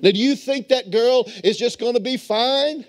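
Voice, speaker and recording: The man's voice is extremely high and moderately paced as he preaches a sermon as bishop in a church sanctuary. An adult transplant to Texas, he relies on stories and asks the congregation to respond.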